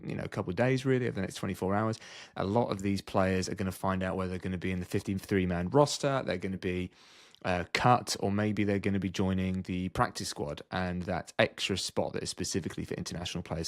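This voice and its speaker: Guy hosting a podcast, lowish voice, dry close sound, lots of ums. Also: no room sound. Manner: chatty, energetic host with frequent fillers. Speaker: podcast host. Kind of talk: casual podcast interview.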